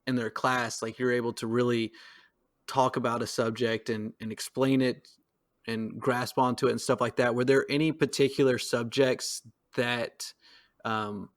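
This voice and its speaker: A man's voice: mid-range voice, level tone, normal speed. A man co-hosting a podcast, talking through his views in a rambling, hesitant way with frequent fillers and laughs. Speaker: podcast co-host. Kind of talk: casual political discussion.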